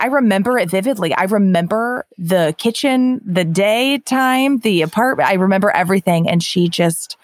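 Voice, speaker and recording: A woman's voice: medium pitch, normal speed, few pauses, no echo. A woman co-hosting a podcast, chatting casually and telling a personal story with emphasis. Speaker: podcast co-host.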